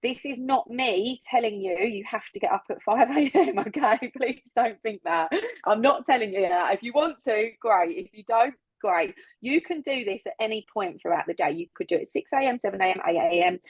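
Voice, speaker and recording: A woman's voice: medium pitch, expressive, moderate pace, breathy edge, no room sound, low-quality recording. Chatty upbeat woman on a video call. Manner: chatty and upbeat, laughs often, repeats words for emphasis. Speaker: business team leader giving training. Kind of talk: casual motivational team training.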